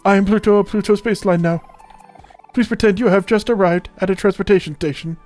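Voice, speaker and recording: A man's voice: high-pitched, steady tone, fairly quick, a little mellow, faint music behind, pitched above the performer's own voice, natural voice. A man voicing a proud, theatrical male rogue planet who speaks formally and grandly. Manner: pompous, theatrical, formal speech.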